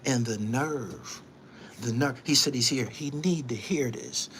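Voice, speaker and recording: A man's voice: mid-range voice, a little slow, fairly bright tone, a little hiss or hum. A man hosting his own online show, delivering a heated live-stream monologue, emphatic and repetitive, scolding someone and invoking his faith.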